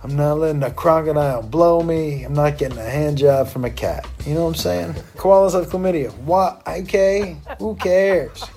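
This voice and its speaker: A man's voice: a little high, moderate pace, few pauses, a little mellow. A man in a stoned state, rambling through a profane, tangent-filled commentary.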